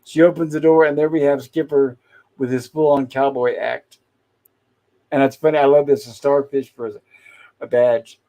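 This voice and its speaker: A man chats on a casual livestream, recapping scenes from an old sitcom. He slips into the characters' lines now and then as he retells them. His voice sits at a medium pitch. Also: fairly even intonation, moderate pace, dark tone. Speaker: podcast host reviewing a classic sitcom.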